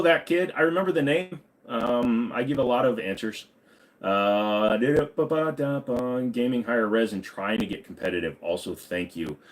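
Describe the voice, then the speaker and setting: A man hosting a casual livestream, reading viewer questions aloud and answering offhand with lots of ums and uhs. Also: lowish voice.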